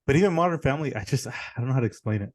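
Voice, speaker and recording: A man's voice: medium pitch, expressive, rapid-fire, dry recording. A man co-hosting a podcast, chatting casually, blunt and opinionated, with some swearing. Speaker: podcast co-host. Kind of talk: casual chat.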